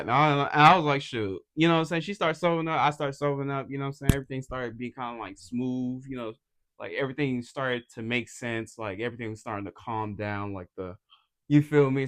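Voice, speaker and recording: A man's voice: mid-range voice, a bit bright. A young man from Atlanta, an unsigned model, chatting casually to camera in a loose, slangy, rambling way. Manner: laid-back slangy rambling, full of "you feel me". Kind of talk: casual vlog chat.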